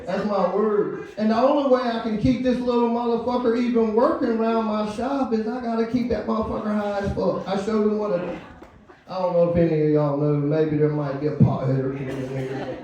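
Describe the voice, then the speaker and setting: A man in his fifties tells loose, profane stand-up stories and laughs along with them. His voice is high for a man, with a dark, mellow tone. He is heard from far off the mic in a very echoey club. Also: fairly even intonation, brisk, highs cut off. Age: 50s. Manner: loose, storytelling, profane, laughing at own jokes. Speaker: open-mic comedian. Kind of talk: stand-up comedy. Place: comedy club stage.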